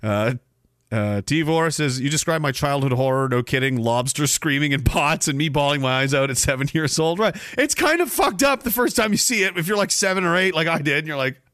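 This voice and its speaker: A man's voice: on the high side, expressive, brisk, fairly bright tone, dry recording, clean studio sound. A man hosting a podcast, reading out comments in a sarcastic, profane, rambling way. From Canada. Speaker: podcast host. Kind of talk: casual livestream chat reading comments.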